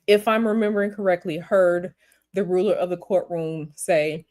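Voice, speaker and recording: Blunt, animated woman tarot reader. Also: on the low side, normal speed. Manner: blunt, animated, repeats herself. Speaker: tarot reader answering viewer questions. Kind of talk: casual livestream chat.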